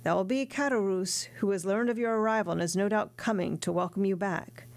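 Woman reading as a soft-spoken old dad, kinda gravelly, audiobook. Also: mid-range voice, brisk, natural voice. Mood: mild. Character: gentle frugal old father, a widower.

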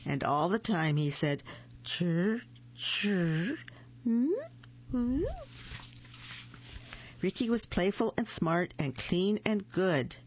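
A storyteller reading picture books aloud slowly and gently, adding small asides. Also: mid-range voice, creaky. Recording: muffled lo-fi recording.

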